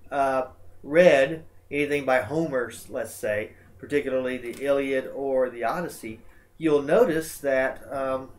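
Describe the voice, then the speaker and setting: A male English instructor talks through a slide lecture. He sounds relaxed and conversational, with plenty of uh and um fillers, and his voice sits at an ordinary middle pitch. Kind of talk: recorded lecture over slides.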